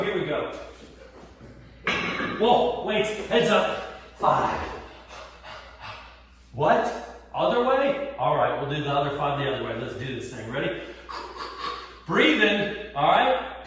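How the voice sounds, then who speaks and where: High-voiced PE teacher whooping through reps. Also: male voice, lively intonation, slow, long pauses. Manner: upbeat, hypes reps with whoops and counting. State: sweating, winded during exercises. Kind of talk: energetic home workout instruction. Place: hot home garage. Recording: echoey garage from far off.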